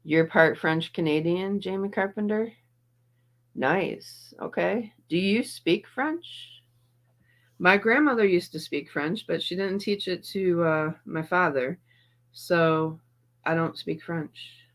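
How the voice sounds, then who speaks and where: Hosting a video-reaction livestream, this middle-aged woman talks at a slow pace in a fairly low, fairly bright voice. Despite being in some pain and not quite herself, she keeps the chat casual and welcomes viewers by name.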